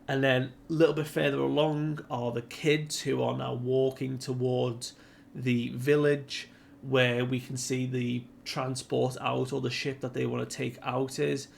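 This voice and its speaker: A man casually recapping a comic chapter in a relaxed, rambling way with lots of fillers. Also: medium pitch, a little slow, creaky, a little hiss or hum. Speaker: manga commentator.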